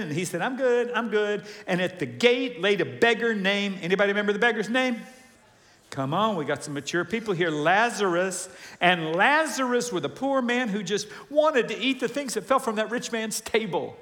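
A man preaching a sermon to a congregation, animated, asking questions and acting out voices. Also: sits high. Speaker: pastor. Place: large church hall with congregation. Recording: long hall reverb.

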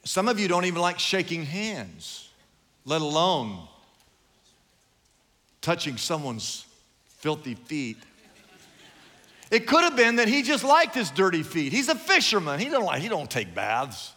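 A man's voice: a little high, huge pitch swings, a little slow, long pauses, bright, forceful tone. A man pastor preaching an emphatic sermon from the stage of a large church hall. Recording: long hall reverb.

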